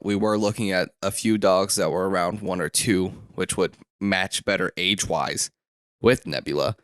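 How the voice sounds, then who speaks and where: A man's voice: deep voice, fairly bright tone, clean tone, dry recording, clean studio sound. Rambling man on a solo podcast. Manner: rambling, many fillers and restarts. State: throat rough, coughing. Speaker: podcast host. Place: room at home.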